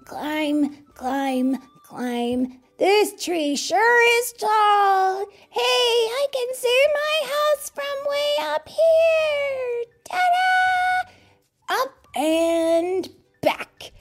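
A woman's voice: extremely high pitch, expressive, extremely slow, faint music behind, pitched above the performer's own voice, exaggerated voice. A woman voicing a boastful male turtle dressed in a bear costume, exclaiming and showing off. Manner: showy, exclaiming.

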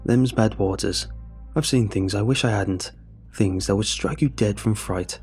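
A man voicing a gruff, superstitious old fisherman and ex-navy man, speaking slowly and sternly. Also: lowish voice, a little mellow, soft background music, lightly acted. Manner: slow, stern warning.

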